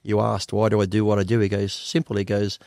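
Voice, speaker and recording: Blunt, fast-talking Australian man. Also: fairly low pitch, completely flat delivery, creaky, a little mellow, no echo, clean studio sound. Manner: blunt, profane, laughs often. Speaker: guest bodybuilder. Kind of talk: candid storytelling interview.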